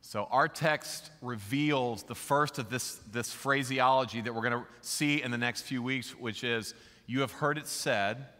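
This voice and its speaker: Animated preacher man in a reverberant hall. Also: mid-range voice. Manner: conversational, rhetorical questions, animated. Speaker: pastor. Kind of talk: sermon. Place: large church hall.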